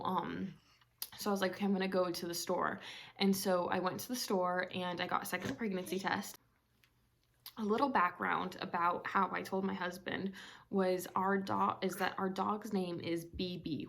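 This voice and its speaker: Excitable young woman with a gravelly fry. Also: lowish voice. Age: late 20s. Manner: rambling and excitable, full of "like" and "um". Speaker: vlogger. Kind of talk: casual personal vlog. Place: at home in a bedroom.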